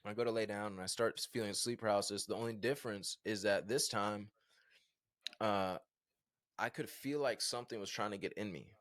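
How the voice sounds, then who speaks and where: Man from virginia, podcast guest, low voice, dry close sound, animated storytelling. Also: a little fast, no room sound. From Virginia, USA. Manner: animated, conversational, many fillers like "like" and "bro". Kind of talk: storytelling in casual conversation.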